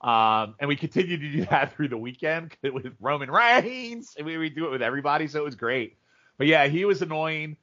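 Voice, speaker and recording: Lively storytelling podcast guy. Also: fairly high pitch, brisk. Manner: animated storyteller, mimics people in funny voices. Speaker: podcast co-host. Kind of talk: casual chat. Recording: dull lo-fi audio.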